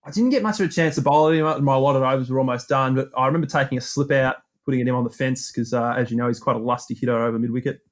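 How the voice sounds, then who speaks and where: An Australian man casually telling a cricket story on a podcast, animated, acting out his own banter. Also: mid-range voice, rapid-fire, few pauses.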